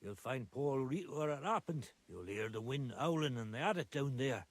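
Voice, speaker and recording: A man's voice: mid-range voice, expressive, normal speed, dry recording. An actor with a Geordie accent playing a talkative, superstitious male miner in a video game. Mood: chatty. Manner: rambling, folksy dialect talk.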